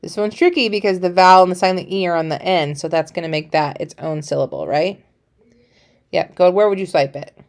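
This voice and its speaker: A woman's voice: fairly low pitch, fairly quick. A woman teacher giving a recorded phonics lesson to young children, encouraging and playful, praising often.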